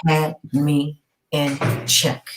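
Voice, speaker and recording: A woman's voice: deep voice, monotone, extremely slow, soft background music. A middle-aged woman from New York with Southern roots, a guest in a casual chat who tells stories emphatically and keeps asking "okay?". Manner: emphatic storyteller, rhetorical "okay?".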